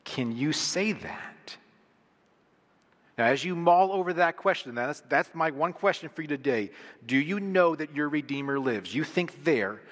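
A man's voice: fairly high pitch, lively intonation, a little slow, in a large hall. A middle-aged male pastor preaching a sermon in an earnest, emphatic way, leaning hard on single words. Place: large church hall.

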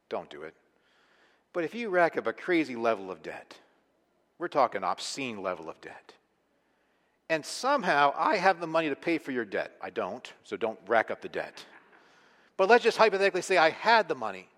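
A man preaching a sermon as pastor, emphatic, moving between hushed and forceful delivery. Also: on the high side. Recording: long hall reverb.

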